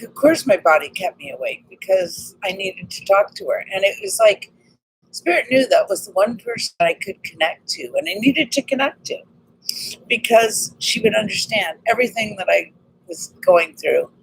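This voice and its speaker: A woman with a slightly raspy voice talks excitedly and earnestly in a casual personal vlog about healing. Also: medium pitch, moderate pace, a little hiss or hum, low-quality recording. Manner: earnest, excited, spiritual self-help talk. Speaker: vlogger.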